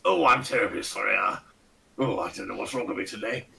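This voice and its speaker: A man's voice: lowish voice, fast talker, vocal fry, sharp tone, distant mic, exaggerated voice. A man voicing a pompous, fat old lord with a monocle, fussy and apologetic, who blusters and swears.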